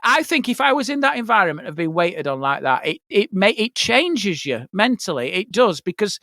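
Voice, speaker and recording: A man's voice: sits high, big pitch swings, normal speed, gravelly, pushed and bright, no room sound, clean studio sound. A man, a guest comedian, telling funny anecdotes on a podcast and slipping into mock-posh voices for quotes. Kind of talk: comic storytelling on a podcast. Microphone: podcast mic.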